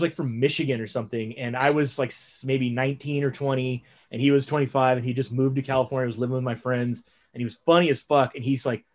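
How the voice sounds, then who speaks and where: A man in his thirties chats casually on a podcast. He tells long stories in a rambling, profane way, full of fillers and asides. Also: medium pitch. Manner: rambling, profane, animated storytelling. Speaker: podcast co-host. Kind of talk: casual chat.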